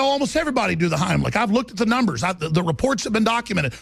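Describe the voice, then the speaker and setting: A man hosting a talk radio show, delivering an impassioned, ranting monologue that keeps rising to shouts. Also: sits high, very animated, racing, gravelly, few pauses, breathy edge, no echo, faint music behind.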